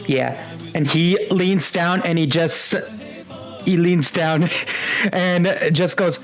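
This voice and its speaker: Slow-talking game master man. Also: a little high, fairly even intonation, soft background music. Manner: laid-back, chuckling, many fillers. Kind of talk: narrating a tabletop game.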